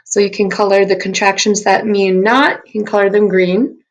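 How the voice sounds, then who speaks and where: Slow, clear and encouraging, a woman first grade teacher sounds out letters and syllables in a recorded phonics lesson. She keeps an upbeat, steady tone in a mid-range voice.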